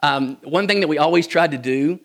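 With a fairly high voice and a slightly fast pace, a man from Kentucky entertains an audience with comic stories about his childhood. He keeps it folksy and jokey, chuckling often.

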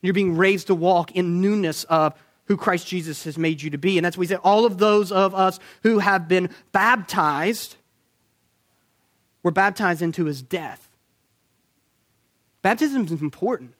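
High-voiced emphatic male preacher. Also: fairly bright tone. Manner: emphatic, rhetorical questions, slows for emphasis. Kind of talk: sermon.

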